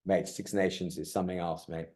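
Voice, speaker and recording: A middle-aged rugby coach from South Africa, chatting in a loose, colloquial way and peppering his stories with "mate" and "like". His voice sits low and sounds mellow and dark. He talks with animated energy. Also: a little fast. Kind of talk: casual interview storytelling.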